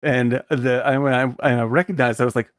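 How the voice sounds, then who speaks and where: A man co-hosting a podcast, telling stories in a loud, animated way, swearing and laughing often. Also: medium pitch, brisk, no room sound, studio quality. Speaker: podcast co-host. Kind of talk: casual chat about a film.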